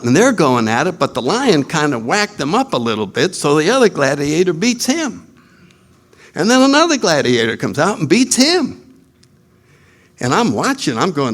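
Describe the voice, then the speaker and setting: A man speaking at a recovery retreat, telling a story in an animated way, laughing at his own jokes and acting out voices. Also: on the high side. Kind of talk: storytelling talk.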